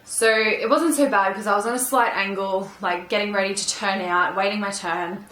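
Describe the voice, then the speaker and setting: Young woman vlogger, casual storytime, bright tone, echoey room. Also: medium pitch, fairly even intonation, moderate pace. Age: young adult. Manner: chatty, frequent "like" and "um" fillers.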